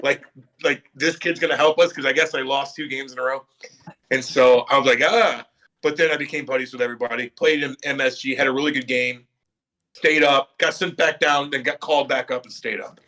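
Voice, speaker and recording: A man's voice: medium pitch, a little fast. A middle-aged man, a former pro hockey player, telling stories in a casual podcast chat, acting out quotes and swearing freely. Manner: animated storyteller, acts out quotes, swears freely.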